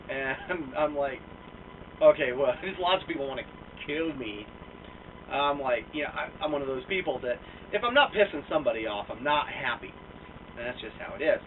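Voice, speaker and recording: Animated, profane young man on a tinny line. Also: mid-range voice, moderate pace, distant mic, slight background noise. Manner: profane, animated, self-mocking, lots of fillers. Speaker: vlogger. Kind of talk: casual storytelling rant. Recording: tinny lo-fi sound from off mic.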